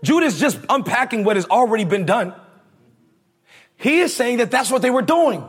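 A man's voice: extremely high pitch, big pitch swings, normal speed, husky. A male preacher giving a conversational, slangy sermon, leading the congregation in call-and-response.

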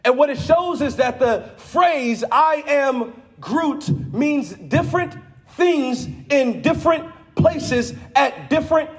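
A man preaching a sermon to a church congregation, swinging between quiet teaching and shouted call-and-response. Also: very high voice, expressive, slow.

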